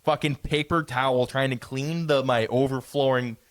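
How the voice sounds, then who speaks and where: A man co-hosts a podcast and tells his story in a loose, rambling way. He stumbles over his words and swears a lot. His voice sits at a middling pitch and comes across dry and close to the mic, with no room sound. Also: steady tone, moderate pace, no room sound. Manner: rambling, swearing, stammering restarts. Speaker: podcast co-host. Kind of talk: casual storytelling.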